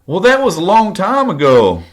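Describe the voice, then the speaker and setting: An indignant middle-aged hillbilly woman with a Kentucky drawl, played by a man telling a story. Her voice jumps high and loud above his usual deep tone. She sounds shrill and defensive. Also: wildly swooping pitch, normal speed, exaggerated voice.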